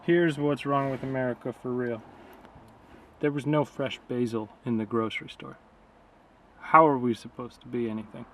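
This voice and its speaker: A man rambles sarcastically through a casual vlog, his voice sitting in an ordinary middle pitch. He is recorded outdoors by a river, with faint noise underneath. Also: steady tone, moderate pace, fairly bright tone. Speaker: vlogger.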